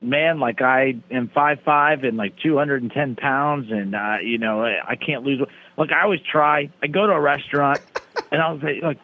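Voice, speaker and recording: A man's voice: mid-range voice, moderate pace, phone-quality sound. A man co-hosting a podcast, telling self-mocking stories in casual banter and acting out the people he quotes. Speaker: podcast co-host.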